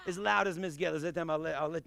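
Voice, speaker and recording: A man leading a kids' karate class, energetic and playful, breaking into loud kiai yells as he demonstrates moves in an indoor studio. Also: fairly high pitch, fast talker, vocal fry, noisy background. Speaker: karate instructor.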